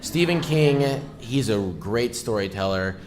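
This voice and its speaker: A man's voice: medium pitch, lively intonation, unhurried, darkish tone, slight background noise. A tired man recounting an event casually, a little hesitant. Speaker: podcast guest. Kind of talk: casual recap.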